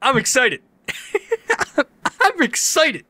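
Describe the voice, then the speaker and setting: Excitable young man, bright lively voice. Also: on the high side, normal speed, dry recording. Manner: excitable, swears, reads game text aloud. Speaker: gameplay commentator. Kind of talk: let's play commentary.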